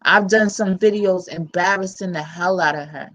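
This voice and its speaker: A woman's voice: fairly low pitch, moderate pace, a bit bright, poor audio. A woman with a New York accent hosting her own vlog, talking bluntly and candidly in casual slang-filled commentary. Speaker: channel host.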